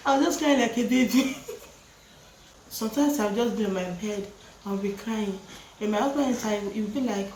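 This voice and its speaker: A woman's voice: medium pitch, normal speed, pauses often, a little mellow, roomy sound, a little hiss or hum. A woman with a Nigerian accent chatting casually while she cooks at home, laughing often and slipping Yoruba phrases into her English. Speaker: vlogger and mother. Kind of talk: casual chat while cooking. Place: home kitchen.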